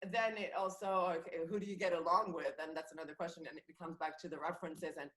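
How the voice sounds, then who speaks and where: A woman's voice: fairly low pitch, steady tone, fast talker, a bit bright. A woman comedian and actress chatting as a podcast guest, talking freely, laughing often and restarting her sentences. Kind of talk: casual chat. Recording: roomy echoey sound.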